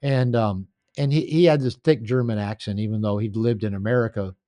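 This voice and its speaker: A man's voice: fairly low pitch, fairly even intonation, a little fast, mellow, no room sound, studio quality. An older man telling stories in a podcast interview, rambling and anecdotal, recorded at home. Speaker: author and coach.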